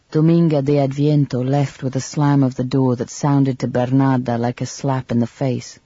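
A man narrating a literary novel in a measured, even storytelling manner, on a slightly dull, dry recording. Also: mid-range voice, husky, dry recording. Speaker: audiobook narrator.

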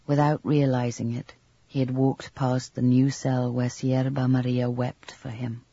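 A man reading a novel aloud as an audiobook narrator, in a measured, even storytelling manner. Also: medium pitch, creaky, slightly rough, no room sound, dull audio. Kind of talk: scripted narration.

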